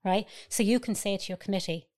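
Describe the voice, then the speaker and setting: A woman's voice: medium pitch, brisk, a little mellow. A woman, a spiritual healer guest, explaining earnestly in casual chat and checking in with "right?".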